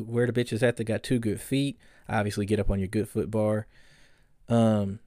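A man's voice: on the low side, a little mellow, no echo, clean studio sound. A man hosting a solo commentary podcast, ranting bluntly and profanely, often getting heated. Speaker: podcast host.

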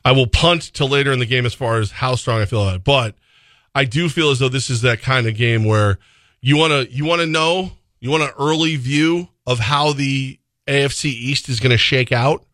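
A man's voice: medium pitch, moderate pace, a bit bright, no echo. A man co-hosting a sports radio show, chatting casually and rambling through a live ad read, laughing easily. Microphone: studio microphone.

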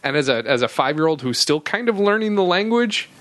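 Podcast co-host, man, bright tense tone, dry close mic, rambling chat. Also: on the high side, very animated, fairly quick, dry recording. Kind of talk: casual comedy podcast chat.

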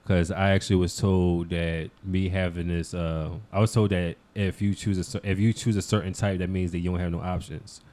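A man's voice: low-pitched, little pitch movement, fairly quick, few pauses, a little mellow. A man chatting on a podcast as a guest, laid back, filling his speech with "like". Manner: laid-back, heavy use of "like". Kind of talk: casual podcast chat.

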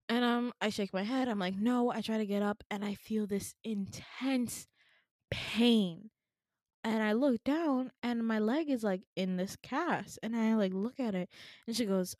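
A woman's voice: fairly high pitch, a little slow, darkish tone, no echo. Chatty young woman, dry close mic. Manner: rambling with many fillers and laughs. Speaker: podcast co-host. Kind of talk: casual chat, telling a dream.

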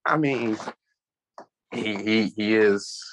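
A man's voice: fairly low pitch, takes it slowly, a little hiss or hum. A man chatting casually in a laid-back, hesitant, joking way. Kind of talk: casual chat.

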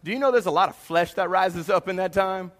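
A man, preaching a sermon with animated bursts and hushed confessional moments. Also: sits high, a little fast. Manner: animated preaching, drops to a quiet hush for confessions. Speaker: pastor.

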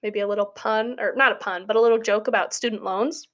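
A woman's voice: mid-range voice, fairly even intonation, quick pace, fairly bright tone. A young adult woman, a college student, talking through a casual spoken essay in a chatty, giggly way full of "like" fillers. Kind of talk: casual monologue.

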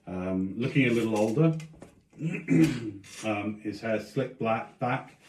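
Male game master, unhurried and descriptive with fillers, echoey room. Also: lowish voice, lively intonation, darkish tone, slight background noise. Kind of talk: narrating a tabletop game.

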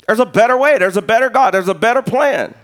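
A middle-aged man preaching a sermon as pastor, an animated, joking storyteller who acts out conversations. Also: very high voice, fast.

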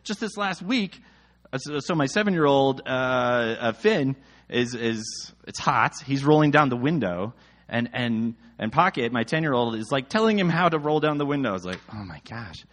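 A man's voice: mid-range voice, expressive, normal speed, a bit bright. A man in his thirties reading scripture aloud and breaking off into jokey, exasperated asides about it. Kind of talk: casual scripture reading and commentary.

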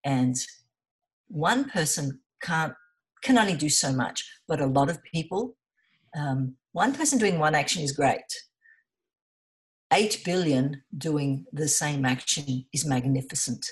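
A woman, middle-aged, whose voice sits very low for a woman. She talks as an interview guest, earnest and passionate as she tells her story. The delivery is conversational and heartfelt. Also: a little slow. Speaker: interview guest, environmental volunteer.

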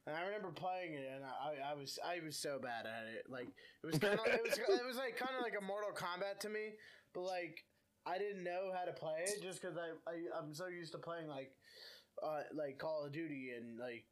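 A man's voice: fairly high pitch, brisk. A young man co-hosting a podcast, telling stories in casual chat with lots of fillers. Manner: chatty storytelling, many fillers. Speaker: podcast co-host.

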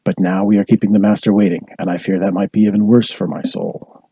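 A man reading a historical novel aloud in steady, measured narration. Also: lowish voice, vocal fry, slightly rough, dry recording, rough recording. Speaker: audiobook reader. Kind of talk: scripted narration.

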